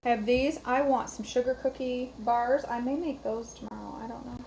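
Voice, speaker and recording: Woman host, live-stream cooking chat, chatty and rambling, higher voice, noisy home recording. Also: steady tone, normal speed, vocal fry. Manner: chatty, greets viewers by name, rambling asides.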